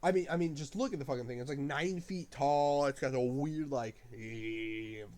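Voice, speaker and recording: Male movie reviewer, casual unscripted talk, rambling, heavy swearing, excitable bursts, mid-range pitch. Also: normal speed. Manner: loose and rambling, frequent swearing, enthusiastic bursts.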